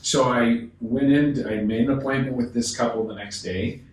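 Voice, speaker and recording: A man who is a guest on a podcast, telling a sales story with animated delivery, acting out the dialogue and often restarting his sentences. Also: mid-range voice, normal speed. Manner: acts out dialogue, frequent restarts. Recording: echoey room, distant mic, faint noise.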